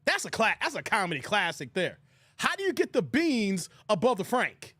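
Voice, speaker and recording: A man's voice: sits high, wildly swooping pitch, moderate pace, no echo, clean studio sound. A man hosting a casual live stream, laughing often, thanking viewers and quoting movie lines. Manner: laughs often, shouts out chat donors, quotes movie lines.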